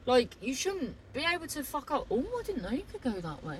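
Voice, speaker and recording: A woman's voice: high-pitched, very animated, fairly quick, a little hiss or hum, rough recording. A woman chatting casually to camera in a rambling, sweary way, often trailing off mid-thought. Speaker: vlogger.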